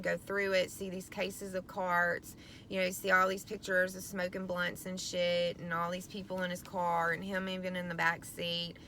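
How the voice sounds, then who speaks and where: A middle-aged vlogger vents to camera about her teenage son, frustrated, swearing often and rambling with lots of ums. Her lowish voice sounds bright and forceful, with a little hiss or hum in the background.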